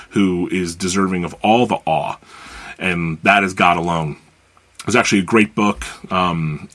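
A man's voice: deep voice, pushed and bright. An American man preaching a sermon as a pastor, earnest and conversational as he teaches and reads scripture. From United States.

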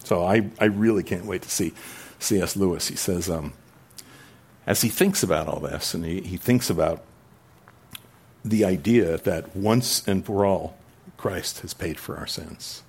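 A man's voice: sits low, measured pace, darkish tone, slightly rough. A male pastor preaching a sermon, rambling and conversational at times and building to emphatic, raised delivery at others.

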